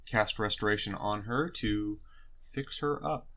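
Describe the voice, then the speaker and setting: A man taking his turn as a player in a tabletop game, unhurried with hesitant fillers. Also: lowish voice, vocal fry, sharp tone.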